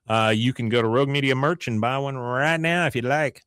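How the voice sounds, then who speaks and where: A man's voice: mid-range voice, animated, normal speed, hardly any pauses, fairly bright tone, clear, resonant tone, no echo, clean studio sound. A man hosting a podcast, casually recapping an episode and quoting the characters in shifting voices. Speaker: podcast host.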